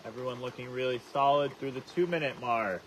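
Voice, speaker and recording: Man, challenge host, steady instructive delivery, mid-pitched voice, noisy on-location recording. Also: brisk. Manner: steady, instructive, calls himself monotone. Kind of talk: explaining rules and calling the challenge live.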